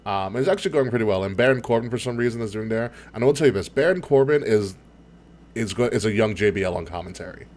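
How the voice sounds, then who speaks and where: Low-voiced man telling wrestling stories. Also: fast. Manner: laughs often, excited storytelling with swearing. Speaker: podcast co-host. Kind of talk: casual chat.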